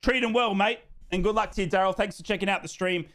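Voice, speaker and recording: A man's voice: sits high, quick pace, a bit bright. An Australian man hosting a live football watchalong, chatting casually and reading out fan comments. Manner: chatty, jokey, repeats himself, says "mate".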